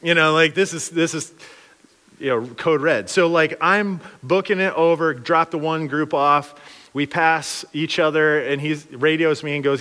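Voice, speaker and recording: Animated man preaching in a reverberant hall. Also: moderate pace. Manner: animated, conversational, acts out quotes with big jumps in pitch. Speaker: pastor. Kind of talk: storytelling sermon.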